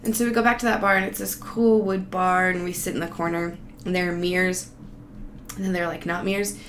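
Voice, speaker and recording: A woman's voice: on the low side, little pitch movement, brisk, fairly bright tone. A woman telling a casual, rambling travel story, profane and sarcastic. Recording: roomy echo, faint background noise.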